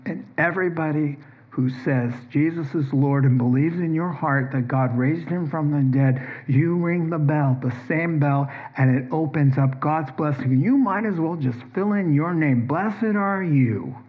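A male pastor preaching slowly and emphatically in a fairly high voice, throwing rhetorical questions at his listeners. The sermon comes through a dull, lo-fi recording. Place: church.

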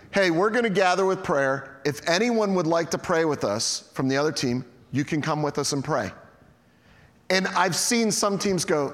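Animated preacher in an echoing hall. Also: male voice, on the high side. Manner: storytelling, animated, addresses the congregation as guys. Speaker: pastor. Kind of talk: sermon.

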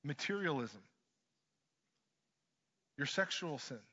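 A man preaching a sermon, swinging from hushed lines to loud ones and mixing in joking asides. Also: a little high, very animated, slow pace, husky. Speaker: pastor. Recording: dull lo-fi sermon recording.

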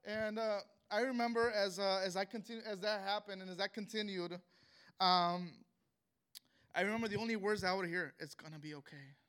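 A young man tells his testimony in a high, bright voice with a clear, resonant tone. He speaks earnestly and with feeling, often stopping and starting again mid-sentence. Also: steady tone. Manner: earnest and emotional, halting with many restarts. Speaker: speaker sharing a personal testimony. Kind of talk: emotional spoken testimony.

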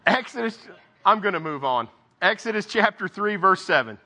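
A man's voice: sits high, expressive, normal speed, sharp tone. A man giving an informal Bible devotional, reading scripture aloud and breaking off for conversational asides. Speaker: lay preacher.

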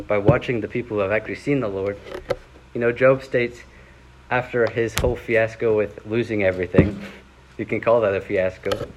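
A young man preaching a sermon, chatty and relaxed, then swelling into dramatic readings of scripture. His voice sits at an ordinary middle pitch. A faint hum of room ambience runs underneath. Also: low-quality recording.

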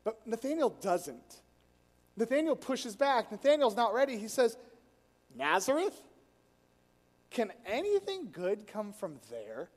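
A high-voiced man preaches in a storytelling style, acting out the people in his stories. He talks in an animated way. His voice carries the long reverb of a large church hall. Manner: animated, acts out quoted people, chuckles while telling. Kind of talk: storytelling sermon.

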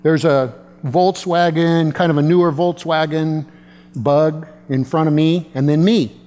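A man's voice: on the high side, fairly even intonation, measured pace, darkish tone, in a large hall. A male pastor preaching a sermon in a conversational way, with self-deprecating humor.

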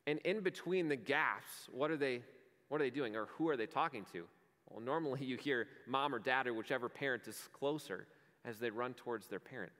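A man's voice: medium pitch, a little fast, fairly bright tone. A male pastor delivering a sermon in an earnest, conversational way, telling vivid everyday stories. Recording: long hall reverb.

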